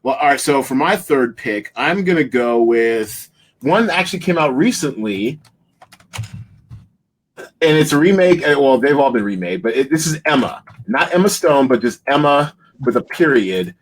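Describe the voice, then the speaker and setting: A man's voice: mid-range voice, expressive, normal speed, a little hiss or hum. A man in his forties hosting a casual movie podcast, rambling and laughing, often trailing off while he hunts for names. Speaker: podcast host.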